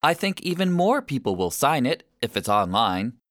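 A man's voice: medium pitch, sing-song, normal speed, a bit bright, no room sound, studio quality. A man voicing a busy, impatient sixteen-year-old boy who explains things bossily.

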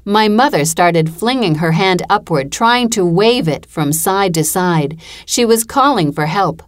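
Female audiobook narrator, first-person story, measured delivery, lowish voice. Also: expressive.

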